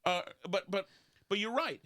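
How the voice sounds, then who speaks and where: A man, hosting a casual podcast and telling rambling stories in which he mimics other people in high voices. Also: lively intonation, moderate pace, a bit bright. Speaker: podcast host. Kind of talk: casual talk show banter.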